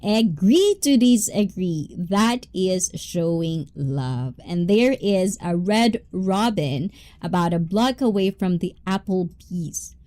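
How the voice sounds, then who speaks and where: Lady chatting on a livestream, reads the chat out loud, slow and mellow, giggles a lot. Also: fairly low pitch, expressive. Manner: chatty, laughs often, reads comments aloud. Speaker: livestream host reading chat.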